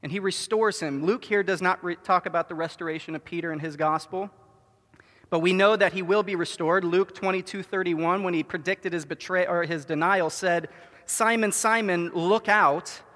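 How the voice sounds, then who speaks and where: Earnest high-voiced male preacher in a reverberant church. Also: steady tone. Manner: earnest preaching, drawn-out stressed words, softening to a hush. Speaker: pastor. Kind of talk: sermon. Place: church sanctuary. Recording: long hall reverb.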